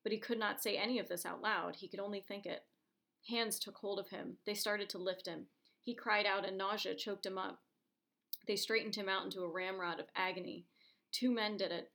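A woman reads a story aloud in a gravelly, creaky voice. Her delivery is steady and measured, a calm storytelling tone at a middling pitch. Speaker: narrator. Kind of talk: reading a short story aloud.

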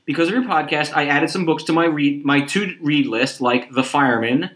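A man's voice: a little high, moderate pace, a bit bright. A man co-hosting a podcast in casual chat, telling stories animatedly and swearing casually. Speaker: podcast co-host.

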